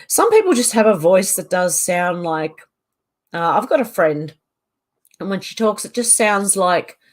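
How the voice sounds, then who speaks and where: A woman's voice: medium pitch, big pitch swings, unhurried. A middle-aged Australian woman chatting casually from her home on a livestream, reading out and answering viewer comments. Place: home on a mountain.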